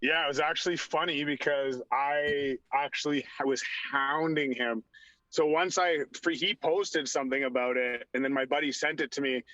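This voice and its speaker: A man's voice: fairly high pitch, fairly even intonation, moderate pace, pushed and bright, no echo. A young man and former hockey player, a podcast guest, telling a story in casual interview chat, rambling and saying "like" constantly. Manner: rambling, heavy use of "like". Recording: dull lo-fi audio.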